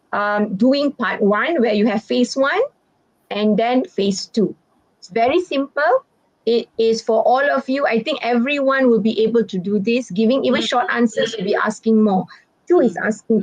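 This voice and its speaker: A woman's voice: on the high side, dry recording. A woman, teaching a live online exam-prep lesson in a chatty, reassuring way and acting out sample answers. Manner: chatty and reassuring, reads out student questions, acts out sample answers. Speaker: English teacher. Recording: dull, dry, lo-fi recording.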